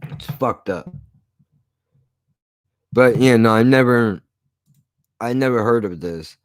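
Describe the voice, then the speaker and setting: A man's voice: medium pitch, slow, dry recording. A man streaming live, ranting casually in a rambling, profane way with frequent restarts.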